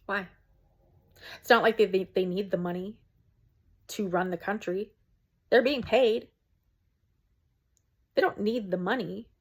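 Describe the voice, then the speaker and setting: A woman's voice: medium pitch, measured pace, long pauses. A woman, a small content creator, talking to camera from home in an earnest, preachy rant with frequent ums.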